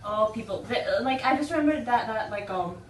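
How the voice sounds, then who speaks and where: A young woman who is a guest in a friend's vlog, telling stories in an animated, playful way. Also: fairly high pitch, a little fast. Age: young adult. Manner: animated, playful, full of herself in jest. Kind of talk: casual storytelling chat. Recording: echoey room, mic far off, faint noise.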